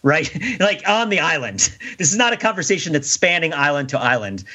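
Brisk and very animated, this podcast co-host has a slightly high, sharp-toned voice. He rambles casually, keeps cutting himself off to restart, and laughs frequently, over a dull lo-fi recording.

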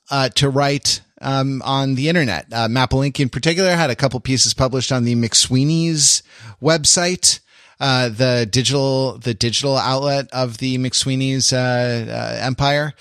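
Here a male podcast host rambles through casual conversation, often restarting and leaning on fillers. His medium-pitched voice is a bit bright, and the clean studio sound carries no room sound.

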